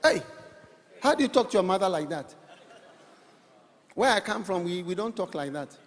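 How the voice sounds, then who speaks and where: A man preaching a sermon to a congregation, animated and rhetorical, teasing his listeners with questions. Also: high-pitched, moderate pace. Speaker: pastor. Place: church hall. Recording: long church-hall reverb.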